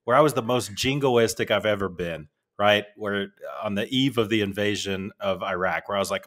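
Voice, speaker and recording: A man's voice: lowish voice, normal speed, few pauses, a bit bright. A man co-hosting a podcast, telling jokey, sarcastic stories in casual chat. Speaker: podcast co-host.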